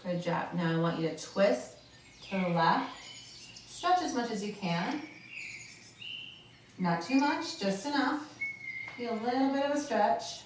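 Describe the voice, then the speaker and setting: A woman leads a chair workout at an unhurried pace, cueing each move and cheering people on. Her voice rings in a very roomy space, a little away from the mic, with faint noise behind. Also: fairly high pitch, expressive, distant mic. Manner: encouraging, slow step-by-step cues. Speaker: chair exercise instructor. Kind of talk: guided seated workout instruction.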